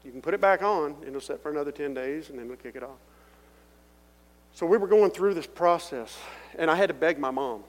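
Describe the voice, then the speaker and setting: A middle-aged man giving a personal testimony in sermon style, telling his story earnestly and building up to loud calls to the congregation. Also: fairly high pitch, brisk. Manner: earnest storytelling that swells into loud appeals to the crowd. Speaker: testimony speaker. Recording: echoey hall with faint hum.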